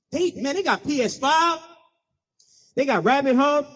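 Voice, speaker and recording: High-voiced animated male speaker. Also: unhurried, pauses often, big-room sound. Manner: animated, call-and-response with audience; playful, slangy. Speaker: keynote speaker. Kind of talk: storytelling speech.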